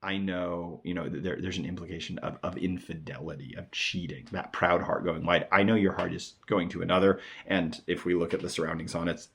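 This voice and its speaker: Low gravelly guy talking thru a poem casually, slows way down on the quotes. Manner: thoughtful, animated, reads verse slowly. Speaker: poetry podcast host. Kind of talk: casual poetry lecture.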